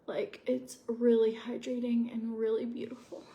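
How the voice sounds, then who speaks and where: Gravelly-voiced woman chatting through her skincare routine. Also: a little high, little pitch movement, normal speed, warm tone, muffled recording, a little hiss or hum. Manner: rambling, confiding, many fillers. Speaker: beauty vlogger. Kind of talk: casual chat during a skincare routine. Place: at home.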